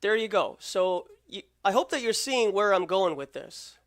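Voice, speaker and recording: A channel host giving slow, deliberate, lecturing commentary on a live stream. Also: mid-range voice, animated.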